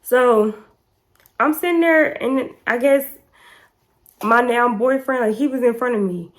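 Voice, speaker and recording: Young woman vlogger, lively casual storytime, acts out quotes high. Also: unhurried. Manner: animated, acts out quotes in raised pitch.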